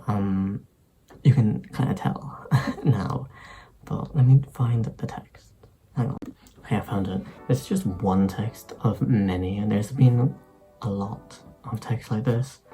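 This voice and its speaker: A man's voice: fairly low pitch, dark tone, low-quality recording. A young man from Ireland, rambling loosely through an unscripted vlog talk with sarcastic asides. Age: young adult. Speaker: YouTuber.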